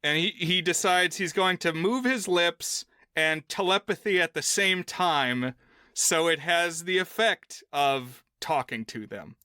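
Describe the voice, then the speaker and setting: A man's voice: fairly high pitch, measured pace, sharp tone, clean tone, dry recording, clean studio sound. A man co-hosting a film podcast, casually walking through a movie's plot and rules at length. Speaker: podcast co-host.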